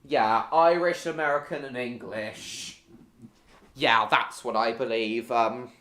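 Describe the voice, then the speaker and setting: A man's voice: medium pitch, slow, bright, forceful tone, roomy sound. A man chatting casually on a live stream while gaming, answering viewers by name with many hesitant ums.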